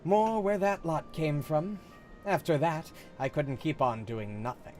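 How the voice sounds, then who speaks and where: A man's voice: on the high side, a little slow, a little mellow, soft background music, pitched above the performer's own voice, natural voice. A man reading game dialogue aloud, voicing a grim resistance fighter set on making amends, in an earnest way. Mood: bitter.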